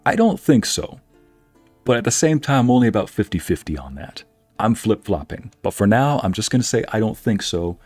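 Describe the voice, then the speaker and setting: A man's voice: lowish voice, darkish tone, breathy edge, no echo. A man streaming a video game, chatting easily as casual game commentary. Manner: chatty and easygoing.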